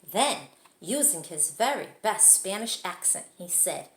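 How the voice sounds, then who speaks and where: Animated woman reading a children's story. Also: mid-range voice, measured pace, roomy sound. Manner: expressive, animated read-aloud. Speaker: teacher reading aloud.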